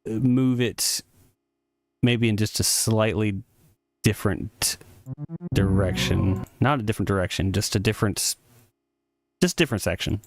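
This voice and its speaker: A man's voice: on the low side, measured pace, pauses often, dry recording. A man streaming a music tutorial, talking casually and thinking aloud, often correcting himself and apologizing in an easygoing way. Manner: casual, rambling, self-correcting. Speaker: streamer composing game music.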